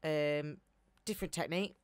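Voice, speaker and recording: A woman from Sheffield with a Sheffield accent, co-hosting a comedy podcast and telling stories with animated mimicry of other people. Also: deep voice, moderate pace, no room sound. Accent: Sheffield English. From England. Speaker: podcast co-host. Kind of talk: casual comedic chat.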